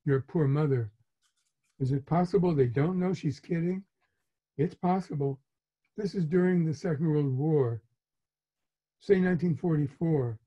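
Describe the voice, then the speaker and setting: A man in his eighties, an author reading his memoir aloud in a measured, reflective way. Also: fairly high pitch, warm tone, slightly rough. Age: 80s. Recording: muffled lo-fi recording.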